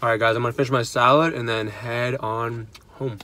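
A man in his twenties who is a physician assistant student chats casually in a vlog, holding his phone at arm's length in his car and at home. His mid-range voice moves fairly quickly, relaxed and rambling, with lots of fillers.

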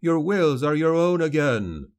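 A man's voice: a little high, sing-song, unhurried, voice pushed up. A man voicing a fierce young male rebel leader in an audiobook, speaking with impassioned force. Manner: shouting, impassioned.

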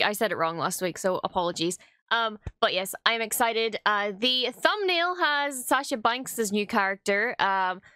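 A young woman hosting a reaction video, chatting casually, then exclaiming and swearing excitedly. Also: on the high side, clean tone, no room sound.

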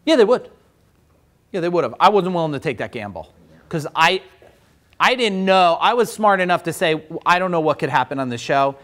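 Animated, chatty workshop leader, a man. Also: fairly high pitch, brisk. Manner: animated, chatty, acts out voices. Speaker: business owner leading a workshop. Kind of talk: storytelling in a workshop.

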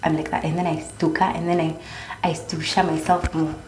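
Young Kenyan woman vlogger, a little low-pitched, easygoing chat in a roomy space. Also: little pitch movement, fairly quick, a little mellow. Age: young adult. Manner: chatty, mixing in Swahili slang. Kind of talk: casual chat. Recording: echoey room.

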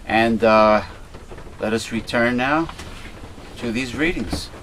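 A man's voice: fairly low pitch, takes it slowly, noisy background. A man hosting a casual talk show, chatty and hesitant, often repeating and restarting his words. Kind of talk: casual chat.

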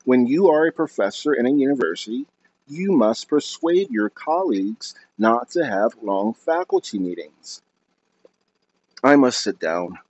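A male reader voices a tired, gentle middle-aged father, a professor who speaks softly in careful, formal sentences with a weary mood. The character's voice sits lower than the narration, is a little slow and moves in lively contours, and the recording sounds dull and lo-fi.

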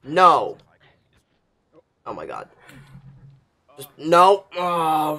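A man commentating his own gameplay, cursing loudly in bursts and dropping to anxious muttering in between. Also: fairly high pitch, animated, drawn-out words, pauses often, a little hiss or hum. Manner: profane, swings from explosive yelling to anxious muttering. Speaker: gaming channel host.

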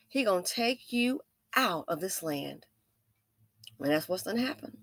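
A woman's voice: lowish voice, expressive, measured pace, pauses often, a bit bright, no echo, clean studio sound. A woman doing true-crime commentary in an emphatic, sassy, preachy way.

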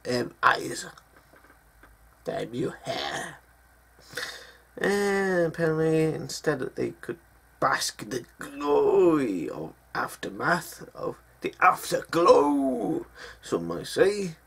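A man rants through the day's news, his voice gravelly and husky. He swings his pitch widely and talks slowly, with frequent swearing. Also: a bit bright. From Britain. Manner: profane, angry ranting with frequent swearing. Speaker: news commentary vlogger. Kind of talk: ranting news commentary.

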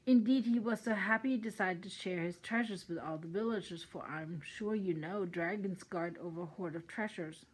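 A woman's voice: on the low side, normal speed, few pauses, husky, poor audio. An older woman from Germany with a German accent, reading a children's story aloud with chatty asides. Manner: chatty asides between sentences.

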